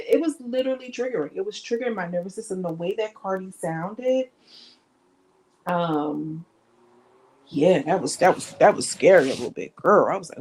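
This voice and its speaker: Blunt, animated woman with a lower voice. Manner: animated, emphatic, slangy and blunt. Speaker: online commentator. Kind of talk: casual gossip commentary vlog.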